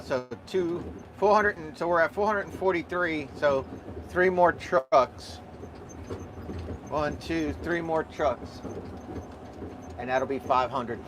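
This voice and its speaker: A man vlogging live from his dump truck cab, rambling and joking as he drives. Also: mid-range voice. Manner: rambling, jokey, easygoing, thinks aloud with fillers. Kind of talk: casual live vlog while driving. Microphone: small camera or phone mic in the cab. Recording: faint truck engine noise.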